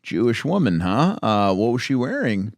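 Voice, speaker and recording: A man's voice: mid-range voice, big pitch swings, normal speed, dry recording. A man co-hosting a comedy podcast, teasing his co-host and firing off mock-detective questions on a studio mic. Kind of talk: casual comedic podcast chat. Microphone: studio microphone.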